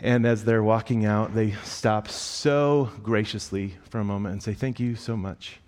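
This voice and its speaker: A man's voice: on the low side, steady tone, a little slow, a little mellow. Self-mocking male preacher in a reverberant hall. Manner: self-deprecating, rambling storyteller. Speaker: church staff member. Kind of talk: sermon with a personal story. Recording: long reverb of a large hall.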